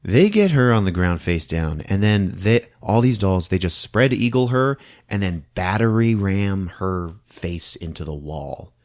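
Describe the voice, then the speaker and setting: A podcast host with a low voice speaks unhurriedly, with hardly any pauses, as he casually recaps a movie plot. He's animated, laughs often, and acts out scenes along the way.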